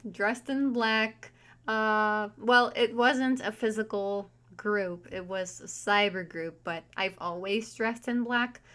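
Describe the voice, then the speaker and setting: A woman's voice: a little high, bright, forceful tone. A woman vlogger telling a personal story in a chatty, candid and wry way. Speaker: spiritual vlogger and tarot reader. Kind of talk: casual storytelling monologue.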